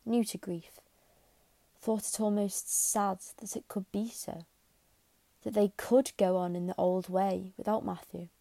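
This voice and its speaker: A woman reading a classic novel aloud as a gentle, steady audiobook narrator. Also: on the low side, no echo. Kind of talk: scripted narration.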